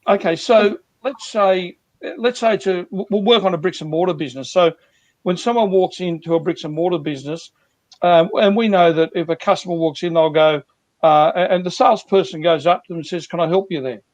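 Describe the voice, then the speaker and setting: A man's voice: sits high, brisk, no echo. A man working as a sales coach, earnestly explaining techniques through repeated examples on a video call.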